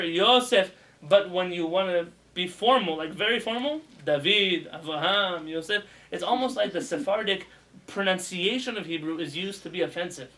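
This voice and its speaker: Bright-voiced rabbi teaching a class. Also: male voice, sits high, rough recording. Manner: animated, demonstrates pronunciations with raised voice; asks students questions as he teaches. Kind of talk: casual spoken lesson. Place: classroom with students.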